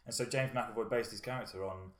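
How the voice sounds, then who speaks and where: A man with a fairly low voice talks casually about a film, rambling and restarting as he works toward his points. He sounds relaxed and conversational. The room has a noticeable echo. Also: fast. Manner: rambling, with frequent fillers and restarts. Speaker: podcast co-host. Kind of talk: casual film review chat.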